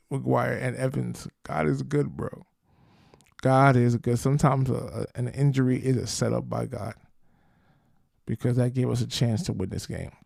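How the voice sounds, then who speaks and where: A man's voice: mid-range voice, vocal fry, darkish tone, no echo, studio quality. A man hosting a football podcast, talking in brash, slangy, trash-talking fan commentary.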